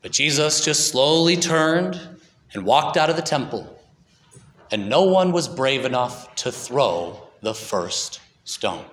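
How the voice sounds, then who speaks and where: A man telling a story in dramatic scripted narration, building quickly and slowing for emphasis. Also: mid-range voice, very animated, a bit bright. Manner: dramatic, shifts between quick build-ups and slow emphasis. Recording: echoey hall with long reverb.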